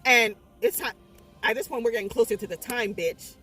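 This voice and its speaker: A young adult woman recapping a horror movie in a casual, rambling way, animated and swearing constantly as she exclaims through the story. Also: on the high side, brisk, recorded from a distance. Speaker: movie reviewer. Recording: voice a bit off-mic, faint music behind.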